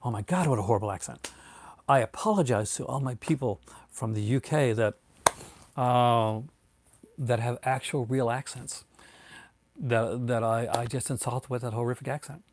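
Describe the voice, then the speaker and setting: A man's voice: medium pitch, moderate pace, pauses often, darkish tone, slight background noise. A man in his thirties hosting a casual live stream, rambling with many fillers and restarts and calling people "man". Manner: laid-back, says "man" a lot. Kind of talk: casual live-stream chat, answering viewers.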